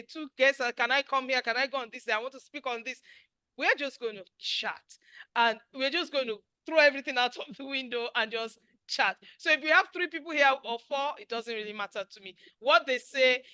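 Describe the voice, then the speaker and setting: A woman in her sixties delivering a motivational webinar talk with preachy emphasis. Her voice is bright and sits a little high, sometimes sinking toward a hush. It comes over a video call in a dry, close sound. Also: clean tone, no echo, low-quality recording. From Nigeria. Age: 60s. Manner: preachy, emphatic, drops to near whisper at times. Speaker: webinar host and life coach.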